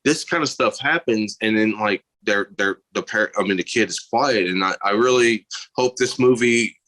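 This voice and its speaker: A man speaks in a rather low register with a bright, pushing edge to his voice. He is a filmmaker guest on a podcast, arguing his views in an animated, emphatic way. His delivery sounds passionate and insistent. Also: normal speed, poor audio. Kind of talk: podcast conversation.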